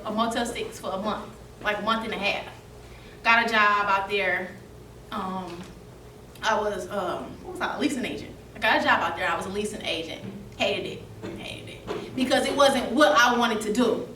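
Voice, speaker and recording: Animated woman telling her story. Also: on the high side, slight background noise. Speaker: seminar speaker. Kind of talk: storytelling talk to a youth audience. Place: seminar room. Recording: echoey room, mic from a distance.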